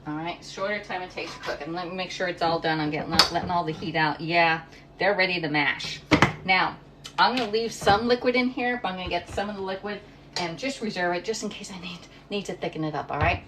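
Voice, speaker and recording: Speaking briskly in a lowish voice, with the recording very noisy, this livestream cooking host chats casually in her home kitchen. She's a middle-aged Pennsylvania woman who rambles and reads viewer comments aloud.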